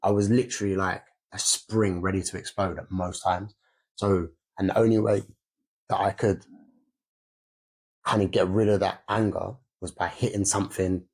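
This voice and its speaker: A man's voice: sits low, little pitch movement, moderate pace, breathy edge. A young man, co-hosting a candid podcast about fatherhood and swearing freely as he talks. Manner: swears freely, re-enacts scenes loudly. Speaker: podcast co-host.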